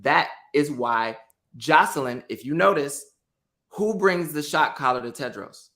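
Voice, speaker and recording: A man's voice: fairly high pitch, a little slow, bright, forceful tone. A man co-hosting a podcast, arguing his reading of a TV episode in casual chat. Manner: argumentative, presses his point. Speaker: podcast co-host.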